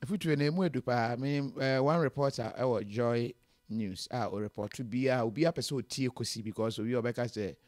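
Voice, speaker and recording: A Ghanaian man asking questions in a casual, halting way, mixing Twi and English. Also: medium pitch, a little mellow, no echo, clean studio sound.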